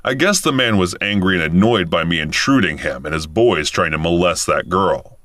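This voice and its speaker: A man in his thirties narrating a first-person story in a casual, animated way. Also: sits low, moderate pace, no echo, studio quality. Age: 30s.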